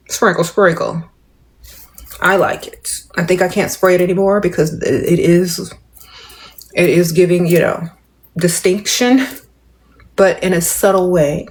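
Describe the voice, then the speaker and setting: With hardly any mouth movement, a middle-aged livestream host answers comments in a relaxed chat, her drawl restrained, measured and playful as she calls viewers "y'all" and "darling." She has a lowish, slightly mellow voice.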